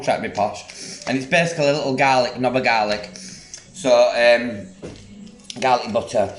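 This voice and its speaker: A man's voice: medium pitch, normal speed, reverberant, slight background noise. A man chatting casually through a home cooking vlog, rambling and enthusiastic about food. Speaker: home cook. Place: home kitchen.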